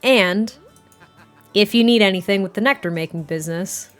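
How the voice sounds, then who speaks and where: A woman's voice: mid-range voice, moderate pace, faint music behind, lightly acted. A woman voicing a friendly male rancher neighbor who talks politely and hesitantly, with small restarts. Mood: earnest.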